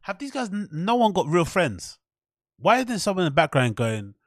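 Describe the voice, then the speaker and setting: A man's voice: high-pitched, sing-song, moderate pace, dry recording, clean studio sound. A man hosting a solo podcast, commenting on clips in a mocking, sarcastic way and swearing freely. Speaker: podcast host. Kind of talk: rambling commentary over clips.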